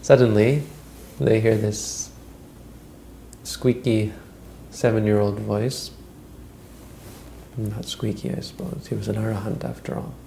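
A man's voice: fairly low pitch, steady tone, slow pace, gravelly, long pauses, warm tone, slight background noise, rough recording. A man retelling a Buddhist story as a teacher, in a conversational way with frequent restarts.

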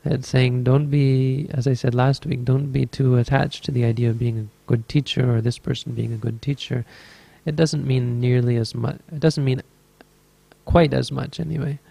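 A man's voice: mid-range voice, little pitch movement, normal speed, creaky, warm tone, no echo. A man teaching as a Buddhist meditation teacher, telling a story in a dharma talk with an easygoing, rambling manner and frequent self-corrections.

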